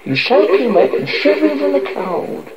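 Dude reading a spooky story, high voice, lots of pitch swings, muffled lo-fi audio, crowd noise in the background. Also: male voice, very animated, moderate pace. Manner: dramatic, theatrical storytelling. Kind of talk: scripted horror narration.

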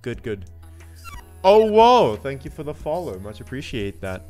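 A man streaming live in casual chat, greeting viewers by name and laughing often as he swings from loud yelps to mumbles. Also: mid-range voice, sing-song, a little slow. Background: faint looping music.

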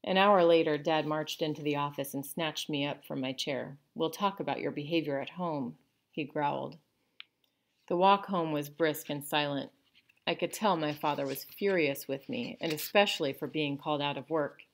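A woman teacher reading a children's novel aloud to her class, with clear, expressive storytelling. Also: low-pitched, moderate pace.

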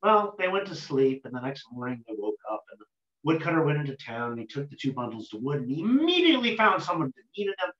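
A man telling a folk tale aloud in an unhurried, rhythmic way, with sudden lifts in his voice. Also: a little high, sing-song, a bit bright. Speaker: storyteller. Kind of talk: oral folk-tale storytelling. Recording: roomy dull lo-fi recording.

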